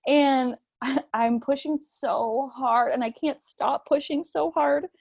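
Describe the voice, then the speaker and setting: Woman guest recounting her story, animated and chatty, on a muffled, dry recording. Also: high voice, takes it slowly, vocal fry, no echo. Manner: animated, acts out quotes, many fillers. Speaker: interview guest telling a birth story. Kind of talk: conversational personal storytelling. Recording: dull, lo-fi, dry.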